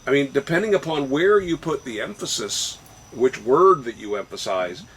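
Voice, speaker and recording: A man co-hosting a casual discussion show, speaking deliberately and stressing words one by one. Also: medium pitch, lively intonation, breathy edge. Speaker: podcast co-host.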